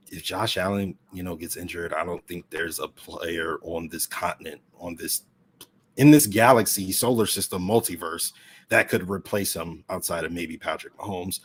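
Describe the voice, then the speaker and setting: A man's voice: deep voice, slight background noise. A man on a video call as a podcast guest, talking in rambling, emphatic casual chat. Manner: rambling, emphatic sports-fan talk.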